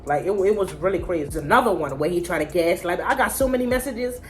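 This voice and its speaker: A woman vlogger telling a casual storytime, blunt, profane and animated. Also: on the low side, fast, faint music behind.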